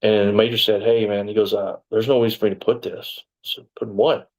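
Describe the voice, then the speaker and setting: Heard through a low-quality recording, this middle-aged man speaks a little fast at a fairly low pitch. Once a sheriff's deputy, he recounts events in a relaxed interview, rambling along and animatedly playing out the quoted lines.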